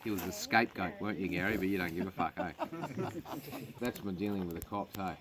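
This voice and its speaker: A man's voice: sits low, very animated, a little fast, a crowd in the background. A man with an Australian accent, a comedian telling crude stories in casual chat on a farm, swearing constantly. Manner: crude, swearing yarn-spinner. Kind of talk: casual storytelling. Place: outdoors on a farm.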